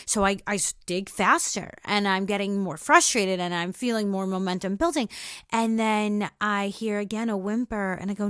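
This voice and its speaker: A woman hosts a podcast and tells a personal story with deep emotion. She repeats her phrases and draws them out slowly for emphasis. The recording is dry, with no room sound. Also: fairly bright tone, no echo. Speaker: podcast host.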